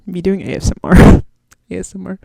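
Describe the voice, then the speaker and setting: A woman's voice: fairly low pitch, level tone, a little slow, gravelly, mellow, no echo. A woman in her twenties hosting a podcast solo, rambling in casual slang and swearing freely. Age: 20s. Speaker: podcast host.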